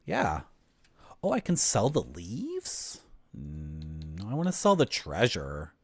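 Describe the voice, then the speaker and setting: A man's voice: deep voice, wildly swooping pitch, slow pace, no room sound, clean studio sound. A man streaming a video game and chatting casually, with wry asides to his viewers. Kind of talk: casual gameplay commentary.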